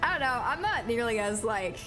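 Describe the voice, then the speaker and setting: Streamer: young woman, lively swearing commentary, highish voice, game music under it. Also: brisk. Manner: exasperated, profane, laughing. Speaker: gaming streamer. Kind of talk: casual let's-play commentary.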